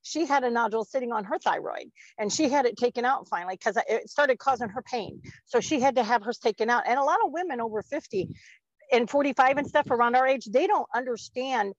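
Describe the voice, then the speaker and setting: A woman's voice: fairly high pitch, brisk, no room sound, lo-fi sound. A woman in her forties in casual podcast chat, rambling and laughing often as she talks. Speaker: podcast co-host.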